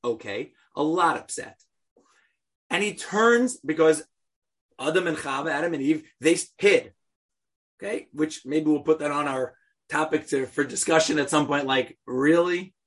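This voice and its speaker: Husky-voiced man teaching a casual class. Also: fairly high pitch, moderate pace. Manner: joking, animated, talks to the class directly. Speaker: Torah teacher. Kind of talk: informal Bible class talk.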